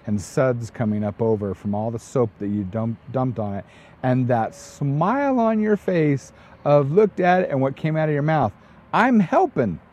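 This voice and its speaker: A man's voice: medium pitch, moderate pace, warm tone, a little hiss or hum. A man in his fifties hosting a podcast, chatting casually and telling a family story. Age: 50s. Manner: reactive, tells family anecdotes. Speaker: podcast host. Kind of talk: casual chat.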